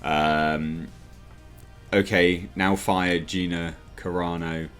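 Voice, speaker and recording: Man, low voice, lively ups and downs, sarcastic exasperated rant. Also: moderate pace, faint music behind. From United Kingdom. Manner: sarcastic, exasperated, mocks others in put-on voices. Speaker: commentary vlogger. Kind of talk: ranting commentary.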